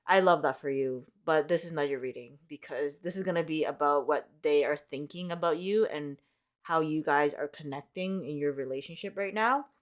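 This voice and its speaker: A woman's voice: low voice, normal speed. A young woman reading tarot in a casual, rambling vlog, upbeat and full of "like" fillers. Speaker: tarot reader.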